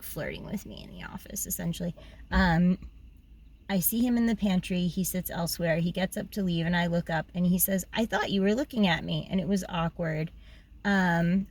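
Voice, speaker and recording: Young woman, low-pitched, frank and chatty, journal reading, filler ums. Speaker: podcast host reading her journal.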